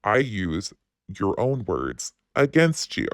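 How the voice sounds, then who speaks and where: A man hosting a channel, speaking a pointed commentary voice-over and asking sharp questions. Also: on the low side, normal speed, no echo, clean studio sound.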